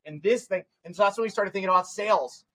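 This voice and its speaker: Man, podcast guest, lively storyteller, fairly high voice, acts out the dialogue. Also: a little hiss or hum, low-quality recording. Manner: animated storyteller acting out quoted dialogue; fast, run-on phrasing with restarts. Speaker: tech company CEO, podcast guest. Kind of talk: storytelling in a casual podcast interview.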